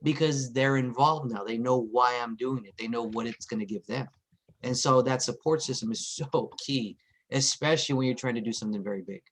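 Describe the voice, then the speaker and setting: Texan man, 40s, lively storyteller on a group call. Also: medium pitch, brisk. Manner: animated, acts out family members' voices. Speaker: meeting participant.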